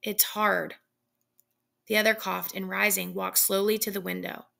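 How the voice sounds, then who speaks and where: A woman reading a classic short story aloud in a measured storytelling manner. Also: mid-range voice, flat delivery, vocal fry, sharp tone. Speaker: reader.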